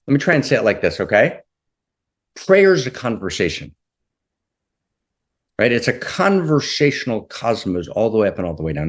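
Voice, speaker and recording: A man leading a spiritual talk, impassioned and repeating his phrases, often checking in with "right?". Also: medium pitch. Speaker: spiritual teacher.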